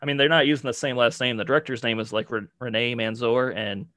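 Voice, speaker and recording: A man's voice: mid-range voice, fairly even intonation, fairly quick, sharp tone, no room sound, clean studio sound. A man co-hosting a podcast, talking casually and rambling with lots of "like" and "you know". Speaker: podcast co-host. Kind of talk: casual chat.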